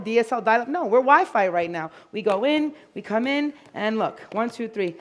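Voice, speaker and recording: A woman giving a lively, jokey live dog-grooming demonstration to an audience of groomers. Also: a little high, moderate pace, hardly any pauses. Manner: energetic, chatty, jokey.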